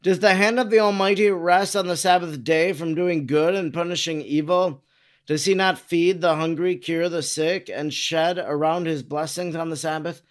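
A man reading the lines of an earnest male healer who rebukes his critics in slow, solemn questions. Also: on the high side, steady tone, lightly acted. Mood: admonishing. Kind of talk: dramatic reading of dialogue.

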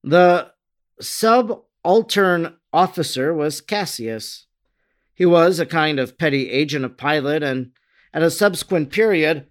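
Solemn male scripture-style narrator. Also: fairly high pitch.

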